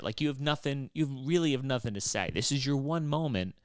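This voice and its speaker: A man's voice: medium pitch, lively intonation, moderate pace, hardly any pauses, clear, resonant tone, dry recording, clean studio sound. A man hosting a podcast, rambling in a loose, wry and profane way, with lots of fillers and restarts. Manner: wry and exasperated. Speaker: podcast host. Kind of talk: casual rambling monologue.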